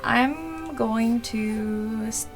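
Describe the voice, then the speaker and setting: Woman playing d&d, slow and unsure, kinda gravelly, higher voice, music behind. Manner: hesitant, lots of ums. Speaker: player. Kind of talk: casual tabletop play.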